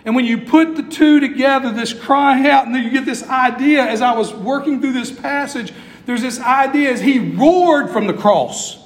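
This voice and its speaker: A middle-aged male pastor preaching a sermon with building intensity and long pauses, heard in a church sanctuary. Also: extremely high pitch. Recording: echoey hall.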